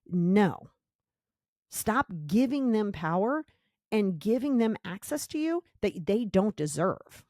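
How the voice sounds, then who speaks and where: A woman's voice: medium pitch, a little mellow, no room sound, studio quality. A woman hosting a podcast, giving a blunt, emphatic motivational monologue and repeating her key points. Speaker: podcast host.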